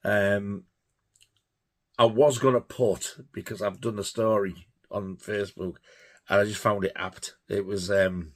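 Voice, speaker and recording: Husky man. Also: fairly low pitch, little pitch movement, unhurried. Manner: rambling, laughing, swears freely. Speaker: vlogger. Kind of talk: casual anecdote telling.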